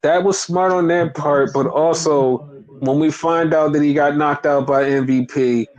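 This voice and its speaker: A man chatting casually on a podcast, recapping wrestling with lively, swearing retellings and acted-out quotes. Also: on the high side, unhurried, muffled recording. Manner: animated, swears freely, acts out quotes. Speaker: podcast co-host.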